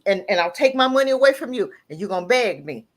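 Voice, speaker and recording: A woman's voice: lively intonation, quick pace. A woman calling in to a live talk show, delivering a heated, emphatic rant full of repeated lines. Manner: breaks into laughter and raises voice to near-crying pitch. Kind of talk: impassioned call-in rant.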